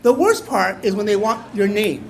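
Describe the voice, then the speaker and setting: An older man from Mexico telling a story on stage to a live audience, playful and wry, now and then bursting into loud exclamations. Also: high-pitched, moderate pace, gravelly. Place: small bar venue before a live audience.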